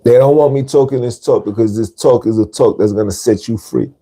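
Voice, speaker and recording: A man's voice: medium pitch, fairly quick, dark tone, slightly rough. A man hosting a podcast, talking casually in street slang and repeating words for emphasis. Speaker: podcast host. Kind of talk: casual monologue.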